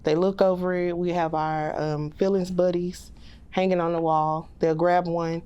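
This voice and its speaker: Low-pitched woman pre-K teacher. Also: measured pace, clean tone, muffled recording. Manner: plainspoken, quotes children and herself in lively voices. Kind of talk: casual storytelling in a podcast interview.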